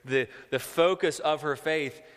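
A male preacher delivers a sermon with a bright, forceful, slightly high voice. He asks rhetorical questions and often doubles back on his words. The sound carries a long reverb from a large hall. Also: measured pace.

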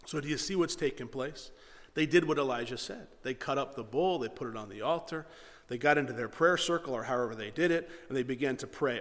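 Preacher guy, kinda high voice, big echoey church hall, gets loud and animated then drops quiet. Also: a little fast. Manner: animated, shifts between loud mocking and quiet reading. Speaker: pastor. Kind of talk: sermon.

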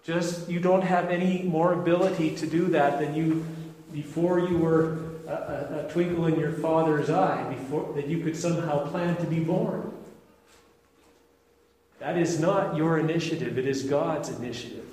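A man preaching an expository sermon in an earnest, deliberate way, often restarting his phrases. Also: fairly high pitch, fairly even intonation, darkish tone. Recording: echoey hall with faint ambience.

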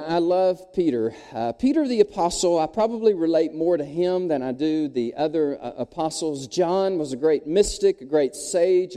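A middle-aged man preaching a sermon as a pastor, storytelling and calling out to the congregation. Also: sits high. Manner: animated storyteller, audience call-outs. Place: church sanctuary, long reverb. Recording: echoey hall.

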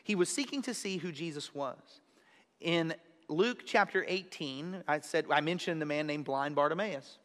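A man's voice: on the high side, moderate pace, a bit bright, in a large hall. A man preaching an expository sermon in a conversational way, repeating key phrases for emphasis. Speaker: pastor.

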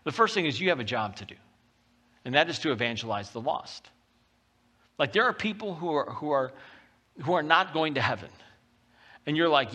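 A man preaching a sermon as pastor, talking in a lively, conversational way and reading scripture aloud with rising intensity. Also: a little high, brisk, long pauses. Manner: animated and conversational, often acting out quotes.

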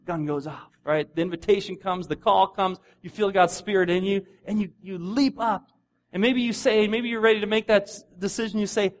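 A middle-aged man preaching a sermon in a conversational, animated way, acting out the voices of the people he describes. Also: sits high, moderate pace. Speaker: pastor.

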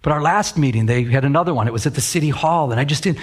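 A middle-aged man preaching from the pulpit in a lively storytelling way. He acts out the voices of the people in his stories and slows down to read scripture. His voice sits at a middle pitch. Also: slightly rough. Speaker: pastor. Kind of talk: sermon with storytelling.

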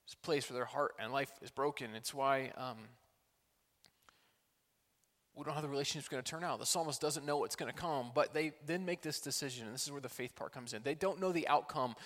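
A man preaching a sermon as pastor, earnest, moving between loud pleading passages and quiet, intimate ones. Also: medium pitch, brisk. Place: church hall. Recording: long hall reverb.

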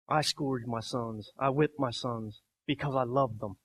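A pastor in his thirties preaching a sermon, emphatic, swinging between soft quoted lines and loud barking. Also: mid-range voice, a little slow, few pauses, slightly rough.

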